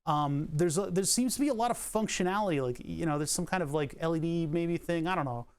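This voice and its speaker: A man with a fairly high voice talks loosely through a repair on a livestream. He rambles and drifts into asides, with lots of fillers and the odd laugh. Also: brisk, clear, resonant tone. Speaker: streamer. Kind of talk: casual livestream talk while repairing electronics.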